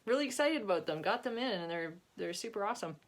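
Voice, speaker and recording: A woman's voice: medium pitch, lively intonation, fast talker. A woman author chatting casually about her book and reading from it. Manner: chatty, laughs often, restarts.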